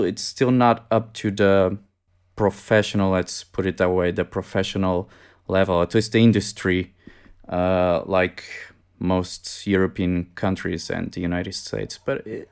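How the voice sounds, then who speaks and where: A man's voice: deep voice, gravelly, a little mellow, clean tone. A man from Portugal, an English speaker, joining a casual film discussion as a guest and talking thoughtfully, searching for words. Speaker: podcast guest.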